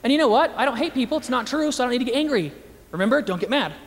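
A high-voiced man speaks quickly and with lots of animation, joking with his listeners and slipping into the voices of the people he quotes. His talk carries the long reverb of a large hall. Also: expressive. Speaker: Christian speaker. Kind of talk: lively talk to an audience.

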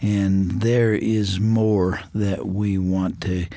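A radio host closing an interview in a gentle, encouraging, prayerful way. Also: deep voice, flat delivery, drawn-out words, creaky, no room sound.

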